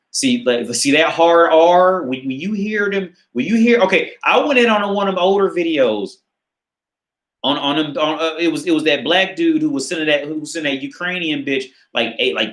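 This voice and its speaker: An American dating channel host with a fairly high, animated voice speaks a little fast, his slightly bright tone carrying some reverb. During a casual live Q&A he reads viewer questions and rambles through profane, filler-laden answers.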